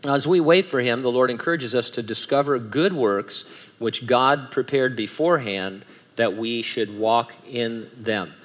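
Male pastor, mid-pitched voice, emphatic sermon delivery with light humor. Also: unhurried, fairly bright tone. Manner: emphatic, reads scripture aloud with rising force, light humor.

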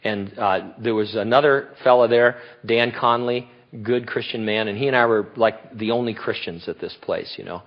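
A man's voice: fairly low pitch, moderate pace, few pauses, muffled recording. An older man giving a sermon as a pastor, rambling and joking and breaking into laughter.

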